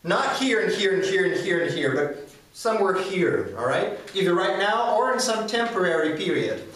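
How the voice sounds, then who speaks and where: A man's voice: sits high, expressive, moderate pace, a bit bright, recorded from a distance. A man whose first language is Ukrainian, patiently explaining English grammar in a lesson and often checking with "all right?". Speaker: English teacher. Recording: echoey room, speaker away from the mic.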